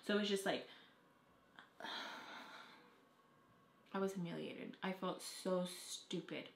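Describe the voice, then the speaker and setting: A young adult woman telling a storytime vlog, talking fast and casually, with plenty of "like" and frequent swearing. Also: lowish voice, gravelly, a little hiss or hum. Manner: fast casual talk, heavy on "like", swears freely. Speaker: vlogger. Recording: echoey room.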